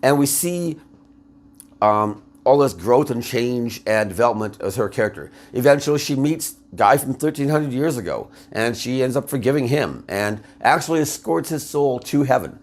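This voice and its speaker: A man's voice: mid-range voice, expressive, moderate pace. A man commentating casually, retelling a story with laughs and rambling asides. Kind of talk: casual video essay retelling.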